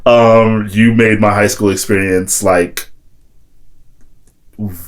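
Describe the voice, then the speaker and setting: A young man vlogging, casually telling a high school story with lots of "like" and "whatever". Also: little pitch movement, slow. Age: young adult. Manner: rambling, heavy use of "like" and "whatever", quotes friends in a raised voice.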